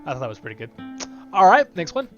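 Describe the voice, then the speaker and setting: A man's voice: fairly high pitch, wildly swooping pitch, quick pace, lo-fi sound, over music. A man hosting a game playthrough, chatty and laughing at himself while commenting. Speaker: let's play host. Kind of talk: casual gameplay commentary.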